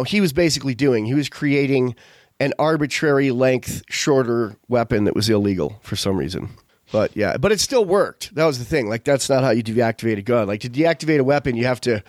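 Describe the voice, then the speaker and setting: A man's voice: medium pitch, a little mellow, no room sound, clean studio sound. A man hosting a show, chatting casually in a rambling, digressive way full of fillers. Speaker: podcast host. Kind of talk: casual chat.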